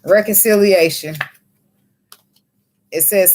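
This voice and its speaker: Woman tarot reader, low voice, profane and preachy. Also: fairly quick. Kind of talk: casual tarot reading. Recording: faint background noise.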